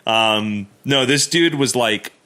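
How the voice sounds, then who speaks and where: A man's voice: mid-range voice, slow pace, pushed and bright. A young adult man co-hosting a podcast, telling stories in loose, slangy casual chat and laughing often. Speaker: podcast co-host.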